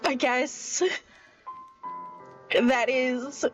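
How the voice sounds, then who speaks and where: A woman's voice: sits high, level tone, extremely slow. Rambling anxious woman streamer. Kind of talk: casual gaming commentary. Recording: dull lo-fi mic with faint music. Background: faint music.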